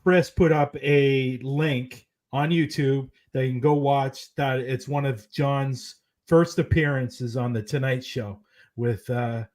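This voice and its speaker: Male co-host, unhurried delivery, casual and informal. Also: mid-range voice. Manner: relaxed, informal, exclamatory reactions. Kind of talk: casual podcast chat.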